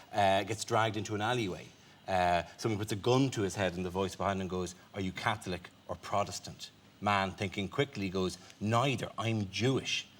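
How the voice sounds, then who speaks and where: An Irish man, a comedian guest on a chat show, telling stories in an animated way and laughing through them. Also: lowish voice. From Ireland. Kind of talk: anecdotal storytelling on a chat show. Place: television studio.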